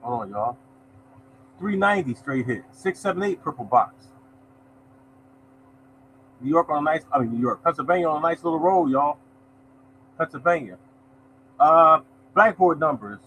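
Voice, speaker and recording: A man runs a casual live lottery show, slightly high-voiced and loose in tone. He keeps up a friendly running chatter, greeting viewers and saying "y'all" often. A faint background hiss sits under his voice. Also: expressive, normal speed, long pauses, a bit bright, low-quality recording. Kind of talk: casual live-stream chat, reading results.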